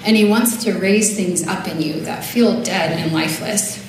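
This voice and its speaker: A woman with a fairly low voice preaches at normal speed during a church service, reading scripture in an earnest, conversational tone with casual fillers. The distant recording carries slight background noise and heavy echo from the church hall.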